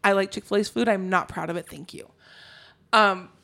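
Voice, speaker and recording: A woman's voice: medium pitch, moderate pace, creaky, a bit bright. A woman co-hosting a podcast, telling a story in casual chat, swearing freely, laughing often and poking fun at herself. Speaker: podcast co-host.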